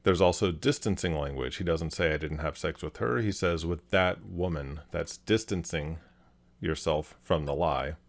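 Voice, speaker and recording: A man hosting a video, calmly analyzing a clip and explaining each point step by step. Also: a bass voice, normal speed, gravelly. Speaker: host, body language analyst.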